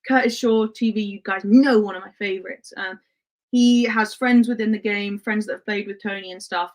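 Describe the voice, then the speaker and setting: A woman who grew up in Spain hosts a casual livestream, reading viewer comments in a chatty way and laughing often, with lots of "um" and "like". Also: medium pitch. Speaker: livestream host.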